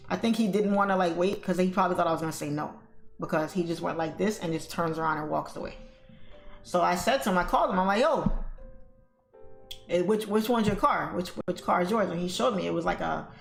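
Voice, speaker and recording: A woman with a lowish, creaky voice chats casually with viewers on her trading livestream while telling a story. She keeps things chatty, addressing them as "y'all" and "guys," and faint music plays in the echoey room.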